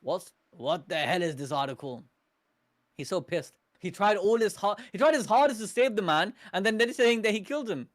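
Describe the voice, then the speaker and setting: A man hosting a live manga reaction, reading the panels aloud and breaking in with slangy, excitable asides and frequent laughter. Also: high-pitched, normal speed. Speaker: anime reaction streamer.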